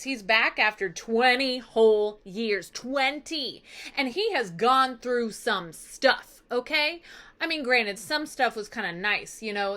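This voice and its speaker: Animated woman teacher, chatty classroom delivery. Bright, forward tone. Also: fairly high pitch. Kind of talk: casual lesson recap.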